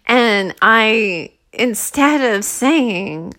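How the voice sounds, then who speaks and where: A woman candidly telling a personal story to listeners in a chatty, conversational way, growing animated as she relives the emotion. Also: a little high, slow, few pauses, rough recording.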